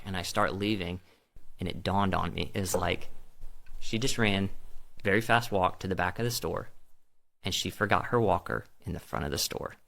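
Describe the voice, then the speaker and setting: Lowish-voiced man animatedly recounting a testimony. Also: gravelly. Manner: animated, acts out quoted dialogue; casual, with many "I'm like" asides. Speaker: guest telling a testimony. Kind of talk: personal testimony storytelling.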